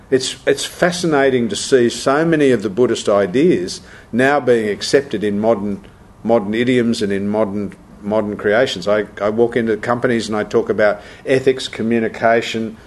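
Man telling meditation stories. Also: on the low side. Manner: storytelling, acts out quoted voices, repeats words. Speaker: Buddhist meditation teacher. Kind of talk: reflective talk with anecdotes.

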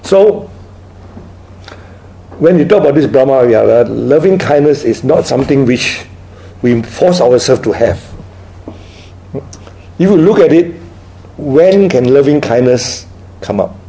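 This is a rough recording of a man teaching a dharma talk with audience questions. His mid-range voice is gravelly and dark with lively intonation. As a Buddhist teacher he tells stories in an unhurried way, constantly asking "right?" after nearly each point.

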